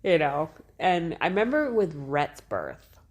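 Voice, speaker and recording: A low-pitched woman speaking at a measured pace co-hosts a podcast. In her thirties, she relates a personal story in a loose, lively manner, laughing as she goes and swearing without restraint.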